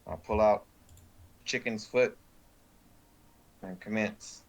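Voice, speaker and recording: Brief: unhurried low male player, lays out his moves one by one. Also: steady tone. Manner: deliberate, describes his actions step by step. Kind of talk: tabletop game play.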